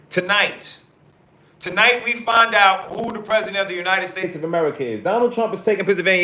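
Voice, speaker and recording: A male host giving excited live election-night commentary, repeatedly reading out vote counts. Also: high voice, reverberant.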